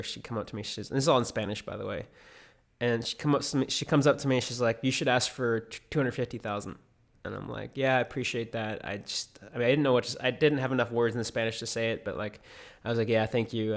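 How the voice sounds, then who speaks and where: A man's voice: mid-range voice, a bit bright. A young American man casually recounting a personal story, rambling with many fillers and restarts. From United States. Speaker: vlogger.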